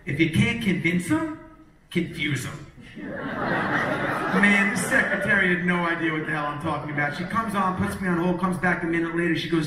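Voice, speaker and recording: Animated man telling stories on stage. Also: sits high, moderate pace. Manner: animated, acts out other people's lines. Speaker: motivational speaker. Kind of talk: storytelling keynote speech. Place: large hall with a live audience. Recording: echoey hall, distant mic, faint noise.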